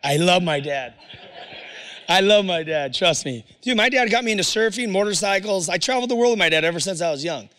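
A man's voice: high-pitched, lively intonation, fairly quick, fairly bright tone, big-room sound. A man telling his personal testimony to an audience in a casual, slangy storytelling way. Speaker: speaker giving a personal testimony.

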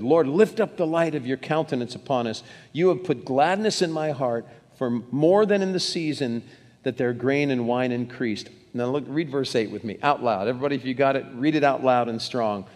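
A man's voice: mid-range voice, darkish tone. A man preaching a sermon, reading scripture aloud and urging the congregation to read along. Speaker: pastor. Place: church sanctuary. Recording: long hall reverb.

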